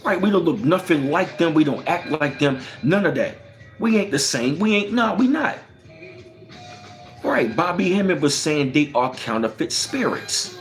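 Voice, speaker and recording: A man's voice: a little high, sing-song, normal speed, soft background music. A man hosting a heated livestream, profane and emphatic, firing off rhetorical questions and reading out viewer comments. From United States. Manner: reads out viewer chat comments. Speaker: livestream host.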